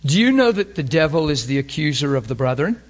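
Preacher guy in a sermon, kinda high voice, gets emotional, goes loud then almost whispers. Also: sing-song, brisk. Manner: emphatic and questioning, swings from loud to hushed; fervent, openly emotional.

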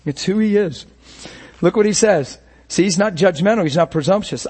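High-voiced man preaching with passion. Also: moderate pace, darkish tone, breathy edge. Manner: impassioned, storytelling, acts out inner thoughts; conversational preaching with laughs. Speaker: pastor. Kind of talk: sermon.

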